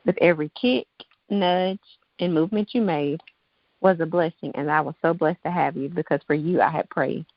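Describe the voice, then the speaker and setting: Guest author, woman in her 30s, reads her poem with feeling. Lower voice, muffled dry recording. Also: moderate pace, gravelly, dry recording. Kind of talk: reading her own poem aloud. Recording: dull lo-fi dry sound.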